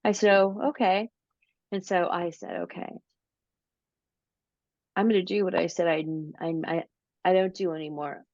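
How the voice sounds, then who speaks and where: A woman being interviewed, telling a long story slowly and casually, with many fillers and restarts. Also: on the low side, steady tone, darkish tone, dry recording. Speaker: interview guest, paranormal researcher. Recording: dull lo-fi audio.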